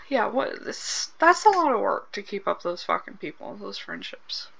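A woman's voice: medium pitch, big pitch swings, unhurried, vocal fry, sharp tone, husky, lo-fi sound. A woman hosting a game let's play, chatting casually, swearing freely and reacting aloud to what happens on screen. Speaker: gaming channel host.

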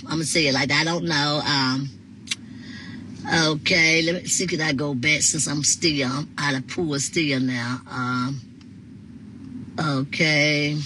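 This live-stream host has a deep yet bright voice with a forceful edge, captured on a phone in a low-quality recording with some hiss or hum. She chats casually while reading out viewer comments, frequently laughing and replying to them.

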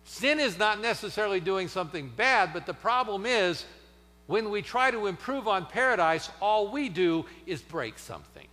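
A man preaching a sermon in a church, dramatic, swinging from loud emphasis to near-whispers. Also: sits high, expressive, moderate pace, in a large hall. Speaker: pastor. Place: church sanctuary.

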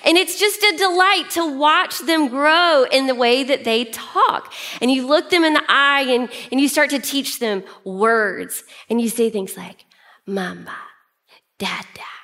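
A woman pastor preaching a sermon in an animated way, often shifting pace and pitch. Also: measured pace, few pauses.

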